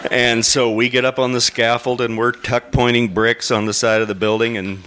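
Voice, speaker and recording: A man from Oklahoma telling a personal story to a live lecture audience, relaxed and chuckling as he goes. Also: medium pitch, normal speed. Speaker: lecture speaker.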